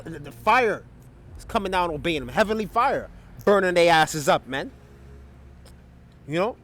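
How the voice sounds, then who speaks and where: Dude breaking down bible stories, kinda high voice, keeps tagging stuff on, faint music behind. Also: male voice, a bit bright. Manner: loose and conversational, full of filler tags and restarts, reads scripture aloud. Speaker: Bible teacher. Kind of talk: casual Bible study talk.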